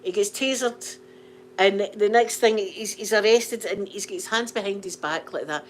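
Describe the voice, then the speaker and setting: A woman's voice: medium pitch, moderate pace, slight background noise. Scottish woman telling a funny story. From Scotland. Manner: animated, laughing, repeats phrases for comic effect. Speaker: channel host. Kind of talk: casual storytelling chat.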